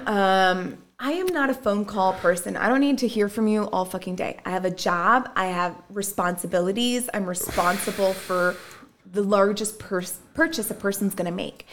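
A woman's voice: medium pitch, moderate pace. A woman in casual chat, telling a dating story bluntly and animatedly, with swearing and quoted voices.

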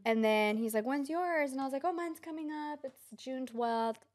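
A woman's voice: sits high, normal speed. A woman in her twenties co-hosting a podcast, chatting casually and acting out the people in her stories. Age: 20s. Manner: animated storyteller, acts out quoted voices. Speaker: podcast co-host. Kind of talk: casual chat.

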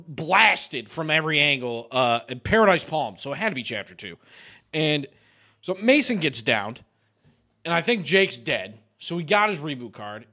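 High, lively young man telling gaming stories. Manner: swears a lot, acts out yelling friends. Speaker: podcast co-host. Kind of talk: casual chat.

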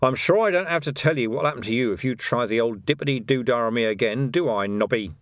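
A man's voice: medium pitch, fast, no echo, close to an everyday voice. A man voicing a weary, sarcastic male city watch sergeant, his delivery dry and knowing.

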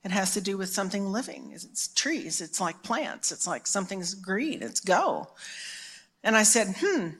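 A woman's voice: medium pitch, lively intonation, moderate pace, a bit bright, husky. A middle-aged woman preaching at a conference, telling stories in a loose, chatty way. She pokes fun at herself and often restarts her sentences. Her voice sits in a mid range. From Texas. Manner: chatty, self-mocking storytelling with frequent restarts. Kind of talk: storytelling sermon.

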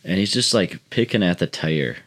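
A man with a very low voice tells a story among friends on a casual podcast. He rambles and swears freely, stacking up fillers as he goes. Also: lively intonation, normal speed, fairly bright tone. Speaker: podcast co-host. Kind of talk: casual chat.

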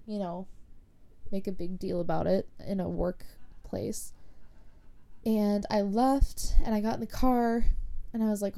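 Young woman, casual storytelling, rambling fillers, mellow tone, vocal fry. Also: mid-range voice. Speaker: podcast host.

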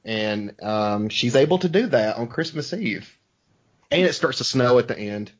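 A man's voice: mid-range voice, expressive, moderate pace. A man hosting a podcast, making up a silly story on the spot in a rambling, hesitant way. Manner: improvises a made-up plot, rambling and hesitant. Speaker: podcast host. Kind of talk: casual podcast banter. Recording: dull lo-fi podcast audio.

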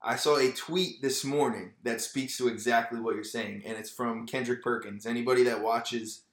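A young man from New Jersey, a veteran guest, talking candidly and relaxed in a casual chat. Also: mid-range voice, normal speed, echoey room. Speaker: podcast guest, military veteran. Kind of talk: casual conversation.

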